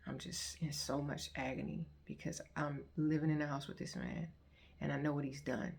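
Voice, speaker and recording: A woman telling her life testimony straight to her viewers, earnest and heartfelt. Her voice has a gravelly, creaky edge, and she slips into the voices of the people in her story as she retells it. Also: deep voice, flat delivery, moderate pace, a little mellow. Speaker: vlogger sharing her testimony. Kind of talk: personal testimony, conversational storytelling.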